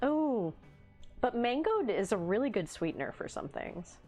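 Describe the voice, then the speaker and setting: A woman's voice: fairly high pitch, sing-song, moderate pace, a little mellow, soft background music. A woman hosting a livestream in casual chat, reading the live chat aloud with playful teasing and frequent laughter. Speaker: livestream host.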